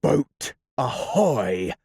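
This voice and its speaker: A man voicing a villainous pirate captain who speaks slowly and theatrically. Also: medium pitch, big pitch swings, darkish tone, breathy edge, no room sound, clean studio sound, pitched above the performer's own voice, exaggerated voice. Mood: brooding.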